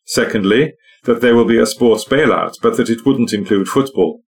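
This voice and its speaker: A man reading a newspaper sports article aloud at a steady, even pace. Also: mid-range voice, moderate pace. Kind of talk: read-aloud news article.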